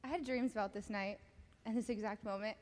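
A young woman giving a halting personal testimony at a church service, laughing often and filling pauses with "um". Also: mid-range voice, steady tone, darkish tone. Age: young adult. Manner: giggly, halting, many fillers. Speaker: baptism candidate giving testimony. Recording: hall reverb.

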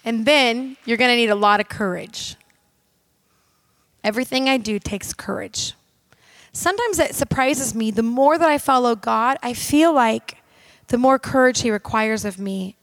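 Woman minister, high-pitched, dry close sound, emphatic conversational preaching. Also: moderate pace, vocal fry, a bit bright, no echo. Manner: emphatic, direct and conversational, addressing the audience. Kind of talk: sermon.

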